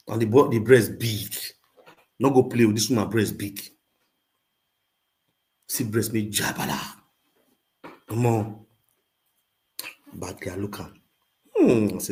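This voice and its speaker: A man with a Nigerian Pidgin accent tells a story as an animated rant. His voice sits at an ordinary middle pitch. He swings from loud outbursts down to low, muttered asides. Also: unhurried, long pauses. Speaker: social media livestreamer.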